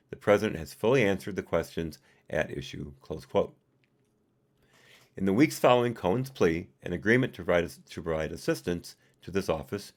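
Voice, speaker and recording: Low-voiced man reading a report aloud. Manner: reads punctuation aloud and adds personal asides. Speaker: reader and commentator. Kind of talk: live reading of a report with commentary.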